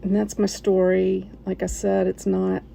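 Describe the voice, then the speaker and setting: Slow gravelly woman telling a story. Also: mid-range voice, monotone, slight background noise, low-quality recording. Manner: emotional, halting, with soft laughs. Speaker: listener telling a submitted story. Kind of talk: personal storytelling.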